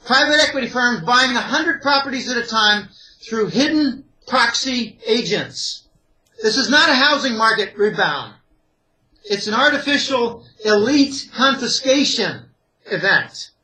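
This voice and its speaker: A man with a notably high, bright and sharp voice, talking as a financial analyst in an interview. He speaks emphatically and at length, piling up examples and lists as he argues. Grew up in the Pittsburgh area. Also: animated, unhurried, rough recording. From Pittsburgh area, USA. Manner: emphatic, rambling, listing points. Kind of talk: opinionated interview commentary.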